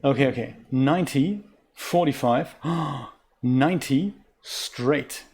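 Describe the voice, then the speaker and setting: A man's voice: mid-range voice, slow, darkish tone, slightly rough. Chatty man narrating a puzzle game. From Germany. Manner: chatty, self-mocking, rambling asides. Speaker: game streamer. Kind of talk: casual let's-play commentary.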